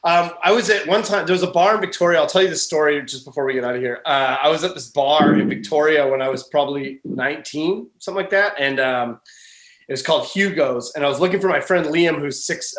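A man's voice: on the high side, fairly bright tone, roomy sound. A man hosting a podcast, telling a rambling story in casual chat and swearing freely. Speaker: podcast host.

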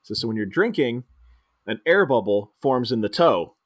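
Animated man recapping a movie. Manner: retells scenes with quick squeaky character impressions, laughs often. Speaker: podcast co-host. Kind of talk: casual movie recap chat.

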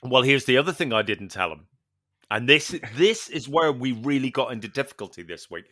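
A man's voice: mid-range voice, lively intonation, fairly quick, sharp tone. A man on a casual podcast chat, telling an anecdote and acting out the lines of the people in it. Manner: storytelling, acts out quoted dialogue, swears casually. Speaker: podcast co-host.

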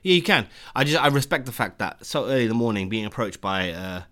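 A young man with a London accent, co-hosting a podcast and telling stories in lively, slangy chat. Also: mid-range voice, fast. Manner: animated storytelling with London slang. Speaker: podcast co-host. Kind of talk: casual banter.

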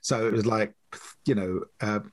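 A man who writes comedy, guest on a podcast, talking in a relaxed way with many fillers. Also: lowish voice, moderate pace. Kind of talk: podcast interview.

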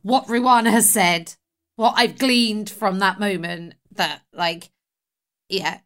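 A woman playing a tabletop game, chatty and quick, often restarting her sentences. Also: mid-range voice, fairly bright tone. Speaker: player. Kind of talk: casual tabletop play.

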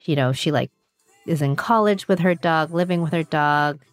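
A woman co-hosting a beauty podcast, chatting with animated energy, laughing easily and swearing casually. Her voice is a little low for a woman, and the recording is dry and close. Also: moderate pace, no echo, faint music behind. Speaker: podcast co-host. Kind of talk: casual chat.

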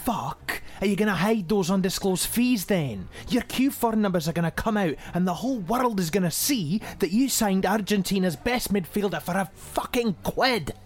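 An actor with a Scottish accent playing a cynical, foul-mouthed football fixer who talks with sneering sarcasm. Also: male voice, high voice, lively intonation, normal speed, hardly any pauses. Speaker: football club schemer. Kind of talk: comedic audio drama acting.

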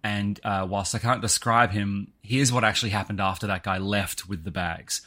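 A man tells a story in casual podcast chat, his voice bright and forceful. He is animated, jumping up in pitch when he voices other people, and his pitch sits a little low. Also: normal speed. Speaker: podcast co-host.

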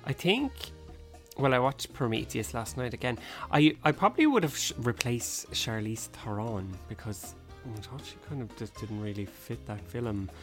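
A man's voice: mid-range voice, animated, moderate pace. Guy podcast host, rambles and hesitates a lot, faint music underneath. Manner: hesitant, rambling, many fillers. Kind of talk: casual chat.

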